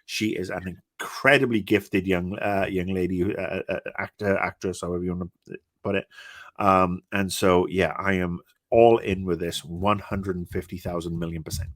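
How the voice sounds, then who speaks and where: Brit in his fifties, lower register, dry close sound; rants bluntly and swears freely. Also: normal speed, no echo. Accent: British. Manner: blunt, profane, animated ranting. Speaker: podcast co-host. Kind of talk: casual chat.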